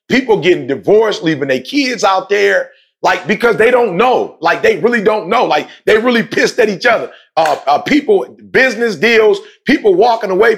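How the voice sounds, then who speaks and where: Passionate and animated, a man shares a personal story in casual slang, hammering his points by repeating them. His voice is high-pitched and gravelly.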